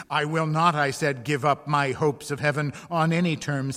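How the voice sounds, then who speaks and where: A man reading a first-person ghost story in a slow, measured, dramatic way. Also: fairly high pitch, steady tone, fairly bright tone, long reverb tail. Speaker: story reader.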